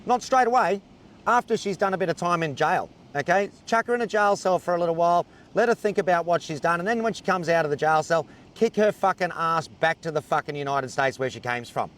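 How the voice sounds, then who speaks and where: A man's voice: on the high side, fairly quick, a bit bright. An Australian man ranting at the camera, furious and swearing heavily. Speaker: ranting video poster. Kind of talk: angry rant to camera.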